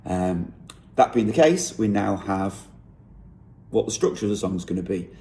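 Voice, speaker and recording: Low, gravelly-voiced man explaining his lyrics. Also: lively intonation, mellow. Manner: thinking aloud, unhurried, with frequent self-corrections. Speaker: songwriter. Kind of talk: explaining how he wrote a song lyric.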